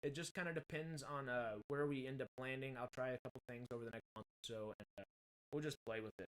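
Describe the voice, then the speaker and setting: A man's voice: medium pitch, steady tone, fast. A man, chatting casually on a home livestream in a rambling, self-correcting way while he fixes mic problems on a desktop mic. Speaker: streamer. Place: home streaming room. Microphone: desktop USB mic with pop filter.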